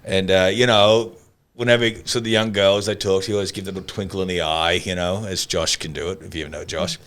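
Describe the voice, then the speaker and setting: A man with an Australian accent hosting a podcast, telling anecdotes in a casual, animated way and laughing often. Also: deep voice, fairly quick, clear, resonant tone. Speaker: podcast host.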